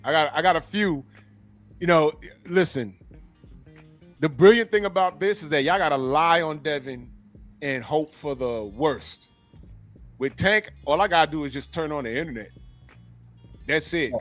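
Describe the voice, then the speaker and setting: A man's voice: a little high, moderate pace, pauses often, fairly bright tone, faint music behind. A man co-hosting a podcast, talking in casual, profane, mocking banter. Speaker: podcast co-host.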